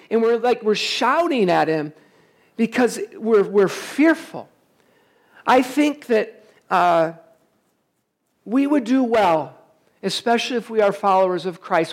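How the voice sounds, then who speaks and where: A man preaching a sermon to his congregation as their pastor, emphatic and quick to put rhetorical questions to the room. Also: high-pitched, lively intonation. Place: church service, also streamed online.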